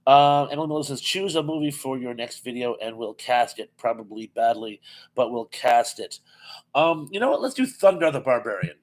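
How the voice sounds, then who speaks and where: A chatty man hosts a casual live stream and reads viewer comments aloud. He laughs easily and fills his pauses with ums and uhs. His voice sits in an ordinary middle pitch for a man. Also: rough recording. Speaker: live chat host.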